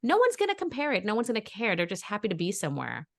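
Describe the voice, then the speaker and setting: A woman co-hosting a casual podcast. She is a mother and talks bluntly, giving animated opinions and telling stories. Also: mid-range voice, quick pace, vocal fry. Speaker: podcast co-host. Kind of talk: casual chat.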